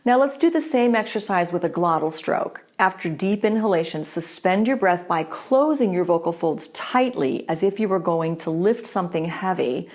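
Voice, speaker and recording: A woman teaching a voice lesson, explaining clearly and patiently. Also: lowish voice, darkish tone. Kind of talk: instructional voice lesson.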